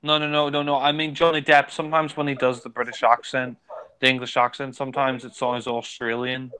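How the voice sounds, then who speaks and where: A man's voice: medium pitch, flat delivery, a little fast, pushed and bright, poor audio. A man giving casual, rambling commentary on a film, with lots of fillers.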